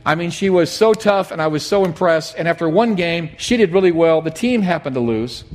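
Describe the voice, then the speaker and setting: A middle-aged man preaching a sermon, telling a personal story in an animated, emphatic way. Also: a little high, fairly quick. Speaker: pastor.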